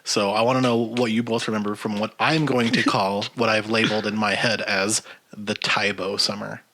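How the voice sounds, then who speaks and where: A man's voice: fairly low pitch, normal speed. Man telling a story with laughter. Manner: animated storyteller, laughs as he talks. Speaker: podcast co-host. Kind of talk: casual chat among brothers.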